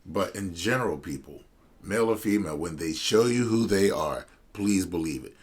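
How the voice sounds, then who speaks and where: A man's voice: sits low, animated, moderate pace, husky. A male podcast host retelling a client's story in casual, blunt, slangy commentary, quoting both sides of the conversation.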